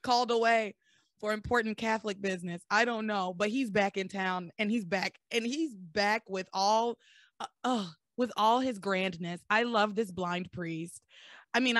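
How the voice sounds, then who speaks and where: A hoarse woman who is losing her voice, so it sounds deeper than usual, hosting a podcast and recapping a soap opera in animated, joking chat. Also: dry recording, clean studio sound. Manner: animated, joking, laughs often. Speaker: podcast host.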